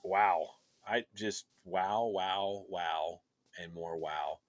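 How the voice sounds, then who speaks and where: A man co-hosting a show, chatting in an excited, rambling way with plenty of fillers. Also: deep voice, very slow, no room sound, studio quality. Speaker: podcast co-host. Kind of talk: casual chat.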